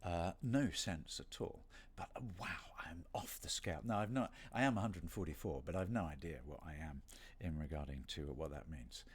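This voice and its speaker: A man's voice: low voice, brisk, hardly any pauses, husky. A middle-aged man from Britain chatting casually on a livestream signing session, rambling and self-deprecating with playful asides. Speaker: voice actor hosting a signing stream.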